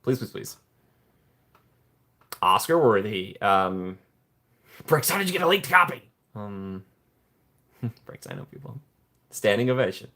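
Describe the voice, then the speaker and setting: This live-stream host takes his time, leaving long pauses as he playfully reads and jokes about viewer comments. He laughs a lot, and his voice jumps higher when he gets excited.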